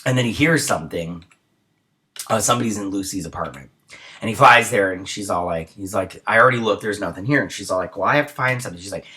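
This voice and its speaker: A young man hosts a casual episode review and retells each scene in loose, rambling chatter full of ums and uhs. His voice sits fairly low, yet its tone is bright and forward. He sounds a bit tired, as it's early in the morning. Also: quick pace. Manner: rambling retelling with many fillers.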